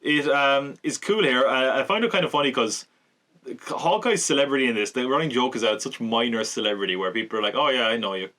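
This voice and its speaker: A man hosting a podcast, casually recapping and reviewing a TV episode, chatty, laughing often and slipping into quick mock voices. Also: mid-range voice, fairly bright tone. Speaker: podcast host.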